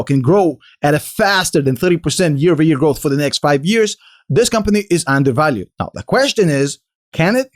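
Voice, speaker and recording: A man with a delivery hosting a casual stock analysis vlog, confidently explaining and answering his own questions. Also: a little high. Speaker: finance video host.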